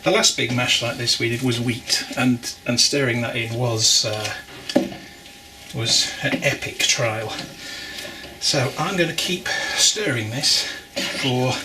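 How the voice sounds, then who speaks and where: Guy talking through his brew day, mid pitch, lots of clanky noise in the background. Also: takes it slowly. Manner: chatty, explaining as he works, wry asides. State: exerting while stirring. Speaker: home brewer. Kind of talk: casual how-to vlog narration. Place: home brewing setup. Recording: loud background noise with clattering.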